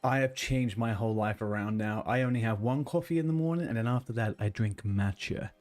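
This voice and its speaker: A man's voice: mid-range voice, fairly quick, a little mellow, faint music behind. A man streaming a game, chatting casually and rambling between tasks, swearing now and then. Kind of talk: casual gaming chat.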